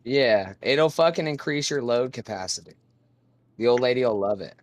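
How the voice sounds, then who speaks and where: A man's voice: medium pitch, animated, normal speed, no echo. Teasing, profane man with a dry sound. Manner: profane, teasing, laid-back. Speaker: call participant. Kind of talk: casual chat on a voice call.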